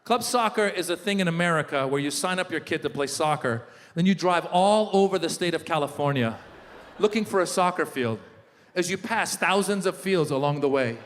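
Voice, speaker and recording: A middle-aged man performing a stand-up comedy set, telling animated stories and shouting in character voices. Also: fairly high pitch, fairly quick. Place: large live venue. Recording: live hall with long reverb.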